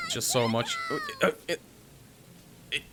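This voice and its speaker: A man's voice: extremely high pitch, wildly swooping pitch, slow, music in the background. A man playing a game and commenting, laughing and swearing a lot. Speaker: gamer. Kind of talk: let's-play commentary.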